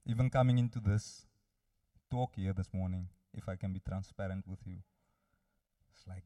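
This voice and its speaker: A man's voice: low voice, moderate pace, long pauses, mellow, no echo, far from the mic. A man preaching a sermon, earnestly addressing his listeners directly.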